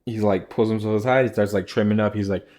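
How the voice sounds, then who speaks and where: A man's voice: fairly low pitch, steady tone, fast, a little mellow. A young man telling a rambling casual story, packed with filler words.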